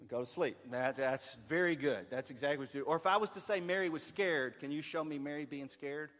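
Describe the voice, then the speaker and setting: Guy with a slightly high voice narrating a kids' skit into a handheld mic, playful, long hall echo, faint music behind. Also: a little fast, fairly bright tone. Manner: playful and encouraging, laughs often. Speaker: storyteller leading a children's skit. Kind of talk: live narration with stage directions. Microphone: handheld microphone.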